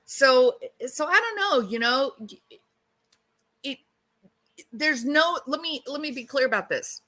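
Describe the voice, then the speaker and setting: A woman's voice: high-pitched, animated, slow, bright, forceful tone. A woman hosting a true-crime channel, speculating bluntly in a casual way and asking lots of rhetorical questions.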